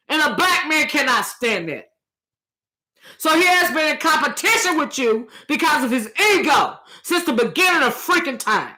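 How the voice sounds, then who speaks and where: A woman giving impassioned opinion commentary, preachy and hollering at times, stumbling over her words and repeating phrases for emphasis, close on a loud microphone. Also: high-pitched, very animated, moderate pace. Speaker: commentary channel host. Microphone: loud close desktop microphone.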